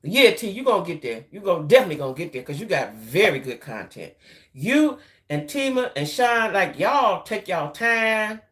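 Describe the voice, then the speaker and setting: A woman's voice: very animated, normal speed. A middle-aged woman, hosting a loose, casual live-stream chat with her viewers. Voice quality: deep voice. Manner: chatty, loose, repeats herself, talks to viewers as y'all. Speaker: YouTube channel host.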